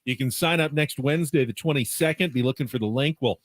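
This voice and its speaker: A male sports radio co-host, relaxed and matter-of-fact, chatting and reading sponsor plugs in a studio. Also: medium pitch, quick pace, dry recording. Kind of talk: radio chat and sponsor reads.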